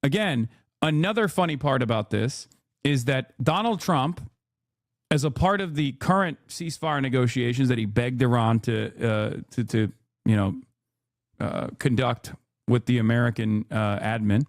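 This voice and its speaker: A man's voice: medium pitch, normal speed, no room sound, clean studio sound. A young man hosting a live political stream, reading out posts and mocking them with a sarcastic, scornful manner. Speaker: political livestream host.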